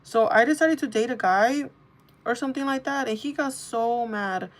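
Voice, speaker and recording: A woman's voice: fairly high pitch, normal speed. A young woman chatting casually on a makeup livestream, telling a rambling story full of fillers. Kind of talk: casual chat while doing makeup.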